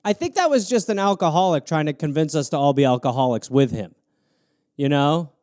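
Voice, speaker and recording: Animated, high-voiced male comedian riffing. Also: fairly quick, dry recording, studio quality. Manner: animated, crude, jumps into voices. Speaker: comedian host of a live show. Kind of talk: improvised comedy riffing on prompts.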